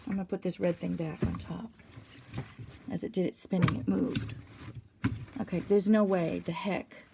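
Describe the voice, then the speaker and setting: A woman's voice: fairly low pitch, fairly even intonation, moderate pace, creaky, heavy background noise. A woman in her fifties giving a blunt, opinionated home review of an appliance, talking as she demonstrates it, recorded on an iPad in her laundry area. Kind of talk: casual product review demonstration. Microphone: iPad on a stand.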